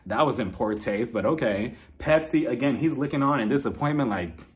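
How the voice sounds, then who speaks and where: A man giving a casual, chatty recap of a reality-TV episode, animated and laughing often. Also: mid-range voice, brisk.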